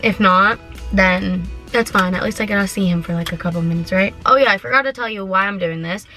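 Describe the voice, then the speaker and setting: A teenage girl vlogging from her parked car, chatty and excitable, giggling often and filling her talk with "like.". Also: mid-range voice, a little fast, faint music behind. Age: teens. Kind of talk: casual vlog chat. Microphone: handheld camera.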